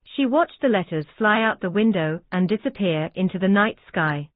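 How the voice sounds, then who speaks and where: A woman narrating a fan-written audiobook in an even, steady reading voice. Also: medium pitch, moderate pace, dry recording. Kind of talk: scripted narration. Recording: dry, tinny phone-like sound.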